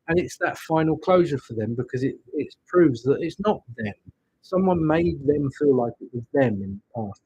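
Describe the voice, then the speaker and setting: A man hosting a live-streamed tarot reading, talking gently and reassuringly and checking in with the listener as he goes. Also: mid-range voice, expressive, moderate pace, breathy edge, no echo. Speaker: tarot reader and stream host.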